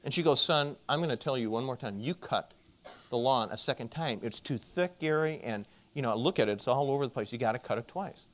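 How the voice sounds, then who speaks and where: A middle-aged man telling a personal story to an audience, animated and acting out the voices of the people in it. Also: medium pitch, fairly quick. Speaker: marriage conference speaker.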